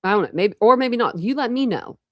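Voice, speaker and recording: A woman's voice: on the high side, animated, a little fast, no echo, clean studio sound. A woman hosting a true crime livestream, chatting casually with viewers and thinking aloud with many restarts. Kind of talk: casual chat with live viewers.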